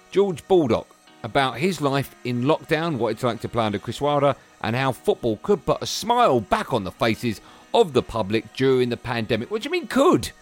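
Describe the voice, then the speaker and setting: A man reads the links on a radio show and breaks off into playful asides, his pitch moving a lot. Faint music plays under him. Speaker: radio presenter. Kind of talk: scripted links.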